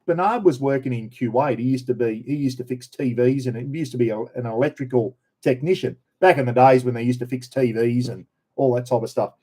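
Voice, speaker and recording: A man's voice: medium pitch, fairly quick, warm tone, slightly rough. A middle-aged Australian man chatting casually on a live stream, telling rambling stories with many restarts. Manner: rambling, anecdotal, frequent restarts.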